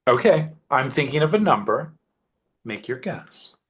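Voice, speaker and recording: A man playing a sly character in a tabletop game, measured as he speaks. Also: medium pitch, very animated, a bit bright, breathy edge. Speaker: player.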